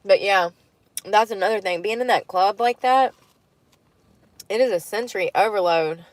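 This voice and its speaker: A woman's voice: medium pitch, moderate pace, dry recording. A young woman chatting casually and laughing as she eats in her parked car. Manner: chatty, laid-back, laughs often, talks while eating. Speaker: vlogger. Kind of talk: casual vlog chat while eating.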